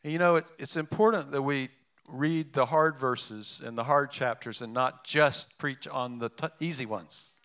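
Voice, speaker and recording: Man pastor, sermon delivery, bright and clear voice, talky and animated. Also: medium pitch, moderate pace. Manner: conversational, animated, with restarts and asides.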